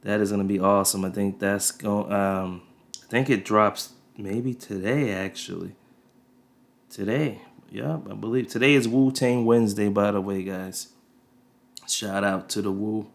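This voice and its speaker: A man's voice: on the low side, fairly even intonation, measured pace, vocal fry. A man in his thirties hosting a podcast, telling a rambling story on a desk mic, laid-back and full of profanity. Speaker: podcast host. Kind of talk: casual storytelling monologue. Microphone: desk USB mic. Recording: faint music underneath.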